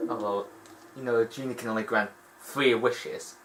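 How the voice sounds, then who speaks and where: A man giving rambling, animated gaming commentary and laughing often. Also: mid-range voice, normal speed, a little hiss or hum, low-quality recording. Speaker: let's play host.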